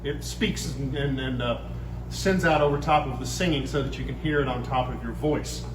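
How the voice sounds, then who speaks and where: A middle-aged church organist explaining how a chapel organ works, patient and step by step. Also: male voice, medium pitch, moderate pace, background noise. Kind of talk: explanatory demonstration. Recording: echoey chapel room.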